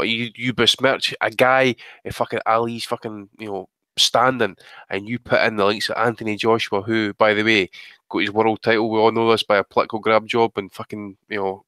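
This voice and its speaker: A man's voice: fairly low pitch, flat delivery, moderate pace, sharp tone, clean tone, no echo. A man co-hosting a boxing podcast, ranting with lots of swearing and exasperation. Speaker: podcast co-host. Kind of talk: casual podcast chat.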